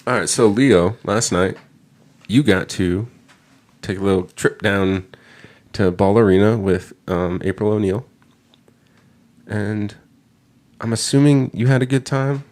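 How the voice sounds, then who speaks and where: A man's voice: on the low side, a little slow, pauses often, darkish tone. A man co-hosting a casual sports podcast, speaking in a laid-back way, often laughing and bantering as a fan. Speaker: podcast co-host.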